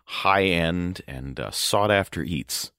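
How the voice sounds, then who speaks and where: Very deep-voiced dry man. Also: expressive, takes it slowly, pushed and bright, smooth, no room sound. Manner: dry, wordy and mock-formal. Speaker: podcast co-host. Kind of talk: casual chat.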